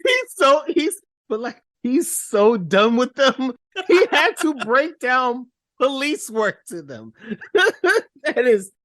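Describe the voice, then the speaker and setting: A woman co-hosting a movie podcast, chatting casually and dropping low to mimic characters deadpan. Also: slow, no room sound, studio quality. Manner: lively, drops low to deadpan quotes. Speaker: podcast co-host.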